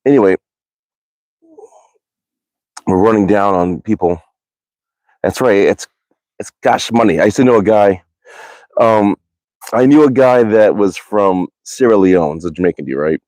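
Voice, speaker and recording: This live streamer talks to his audience from an outdoor backyard, his mellow voice pitched somewhat low. His chat is rambling and profane, full of self-corrections, recorded up close and dry without any room echo.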